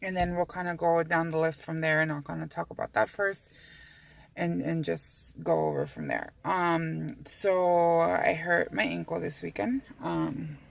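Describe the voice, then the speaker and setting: A woman's voice: lowish voice, fairly even intonation, unhurried, vocal fry. A woman vlogging from inside her car in a rambling, candid way, swearing freely as she talks. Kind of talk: casual chat to camera.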